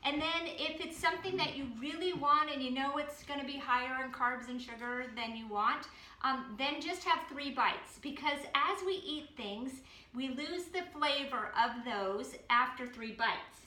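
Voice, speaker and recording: High bright woman from the boston area chatting through a cooking demo, lots of ums, echoey room. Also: normal speed. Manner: relaxed, advice-giving with frequent ums. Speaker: health program host.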